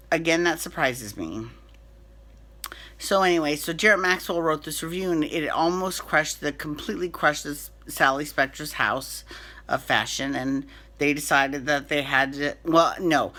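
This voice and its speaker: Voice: medium pitch, pushed and bright. A soap opera recap host giving a chatty, opinionated rundown, with frequent restarts and fillers. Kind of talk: casual chat.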